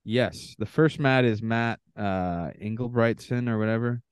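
A man co-hosting a podcast over a video call, bantering and teasing in a loose, profane way. His voice is smooth and clear at a middle pitch. The sound is dry and close. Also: a little slow, no room sound. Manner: teasing, swears freely, laughs often. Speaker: podcast co-host. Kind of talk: casual chat about a reality show cast.

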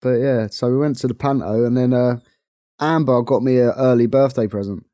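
A young man with a London accent, co-hosting a casual podcast chat, chatty and quick to laugh. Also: medium pitch, warm tone, no echo, clean studio sound. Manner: chatty, laughs often, playful. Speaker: podcast co-host.

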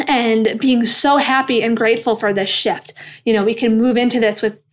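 Woman, 30s, casual monologue, earnest, fired up, slightly high pitch. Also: fairly even intonation, normal speed. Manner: earnest, impassioned, swears when angry.

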